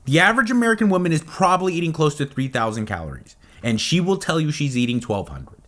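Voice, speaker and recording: A podcast host in his forties rants about nutrition, cursing freely and swinging from loud outbursts to muttered asides. His voice sits high for a man and jumps all over in pitch. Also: very animated, fast. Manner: profane, emphatic, swings between loud outbursts and low asides. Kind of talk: heated solo rant.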